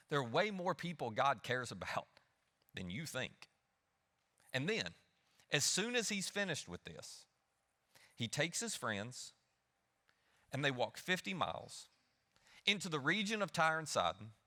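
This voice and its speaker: A man preaching a sermon, lively, acting out the people he quotes. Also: on the high side. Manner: animated, acts out the people he quotes. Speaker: pastor. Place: church hall. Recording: long hall reverb.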